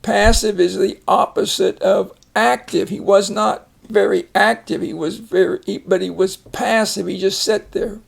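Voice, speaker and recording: Older male phonics tutor, gravelly fry, unhurried and patient. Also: sits high, steady tone. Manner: slow, patient, explains word by word. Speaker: phonics teacher. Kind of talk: casual reading lesson.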